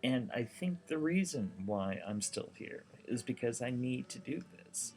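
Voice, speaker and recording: A man's voice: mid-range voice, lively intonation, unhurried, a little mellow. A seriously ill man talking casually to the camera, rambling and heartfelt with lots of fillers. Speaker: documentary vlogger.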